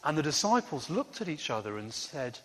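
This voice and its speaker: A man leading a lively, interactive Bible story for a congregation, coaxing the crowd into sound effects. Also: fairly high pitch, fairly quick. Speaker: preacher leading a children's talk. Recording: echoey hall with faint ambience.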